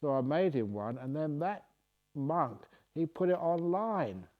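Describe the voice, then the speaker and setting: A man's voice: on the high side, sing-song, a little slow, phone-quality sound. A man who is a Buddhist monk answers retreat questions in a humorous, playful way. He reads each question aloud, then jokes his way into the answer. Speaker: Buddhist monk and meditation teacher.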